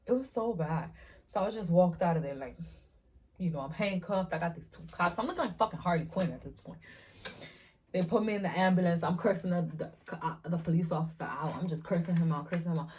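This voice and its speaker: A young woman vlogger in her twenties telling a storytime while eating, animated and profane with frequent laughter. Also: lowish voice, brisk, slightly rough.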